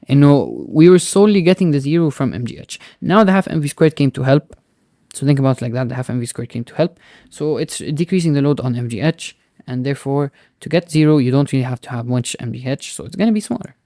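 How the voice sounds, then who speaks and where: A man's voice: mid-range voice, mellow, no room sound. Dry-voiced man teaching physics. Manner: explains step by step, often checking with "right?" and "okay?"; mixes in Arabic words. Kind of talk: recorded tutoring lesson.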